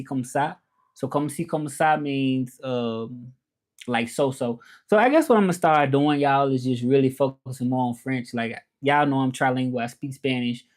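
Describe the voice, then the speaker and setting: A man hosting a casual livestream, greeting viewers in a laid-back way and dropping in French phrases. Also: medium pitch. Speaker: livestream host.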